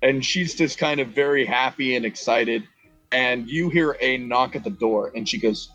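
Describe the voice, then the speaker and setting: A man's voice: medium pitch, normal speed, a bit bright, dry recording, highs cut off. A man running a tabletop game, narrating loosely with many fillers and restarts. His voice is close and dry, with faint music behind. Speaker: game master.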